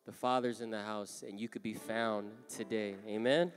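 A man preaching a sermon, moving from soft-spoken storytelling to loud, impassioned calls. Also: fairly low pitch, little pitch movement, moderate pace. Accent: Southern Californian. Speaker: pastor. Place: large church hall. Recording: long hall reverb, live church. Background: music playing.

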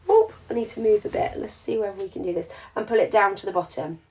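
A woman's voice: medium pitch, fast, a little mellow. A woman, teaching a jewellery craft in a chatty live demonstration and explaining each step as she works. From England.

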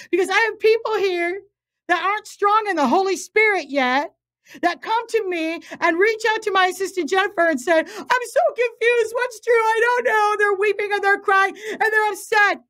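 Her voice sits very high and bright as she preaches to a livestream audience. She is a woman minister and faith coach, emphatic and urgent, who repeats phrases to drive each point home.

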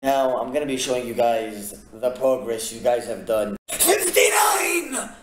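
A man's voice: medium pitch, fairly even intonation, normal speed, echoey room, noisy background. A man streaming a game live, chatting playfully and greeting viewers by name. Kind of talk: casual live-stream chat.

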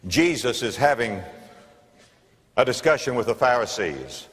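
In the echoing hall of a church sanctuary, a Southern-accented man from Florida delivers a forceful sermon, hammering home key phrases through repetition. He speaks in a mid-range, very animated voice that is a touch slow, a bit bright and slightly rough.

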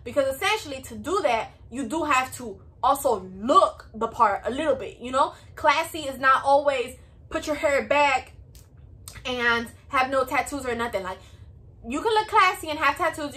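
A woman's voice: high voice, sharp tone. A woman in her twenties with a Hispanic American accent, giving work advice in a chatty, peppy, repetitive vlog style. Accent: Hispanic American English.

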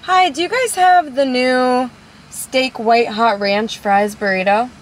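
A woman of about twenty from Ohio, bubbly and talkative, films a casual vlog in her car at a drive-thru using a camera in the vehicle. She has a high-pitched voice and takes things slowly, with a touch of hiss or hum audible.

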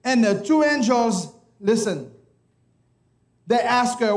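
High-voiced emphatic male preacher. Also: lively intonation, slow pace, long pauses. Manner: emphatic, repeats "listen" and "look", swings from hushed to shouted. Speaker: pastor. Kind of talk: sermon. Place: church service.

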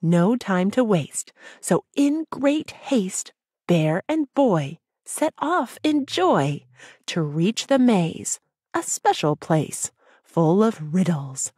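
A woman narrating a rhyming children's audiobook in a gentle, sing-song storytelling way. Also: mid-range voice, very animated, takes it slowly, husky, no echo, studio quality.

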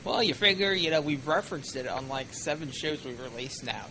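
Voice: mid-range voice, expressive, fairly quick, pushed and bright, slight background noise. A podcast co-host joking wryly in casual conversation. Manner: joking, wry. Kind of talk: casual chat.

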